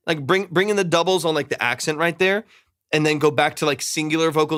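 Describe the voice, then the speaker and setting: A producer's fairly high, slightly bright voice moves at a brisk pace with fairly even intonation as he casually critiques a mix live. He hedges, repeats words and scats melodies with da-da, in a dry, studio-quality recording.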